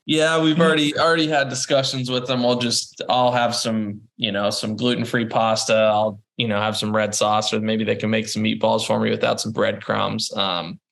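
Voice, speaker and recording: A man's voice: on the low side, normal speed, vocal fry, hardly any pauses. Laughing man telling a story. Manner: animated, laughing, repeats words while telling stories. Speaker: interview guest. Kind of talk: casual storytelling.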